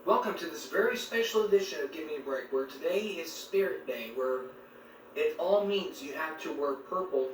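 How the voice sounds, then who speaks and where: A man with a high voice hosts a casual vlog, rambling crudely and laughing at his own jokes. His voice bounces around an echoey room. A faint background noise sits underneath. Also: lively intonation, moderate pace. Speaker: vlog host. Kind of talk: casual comic vlog chat.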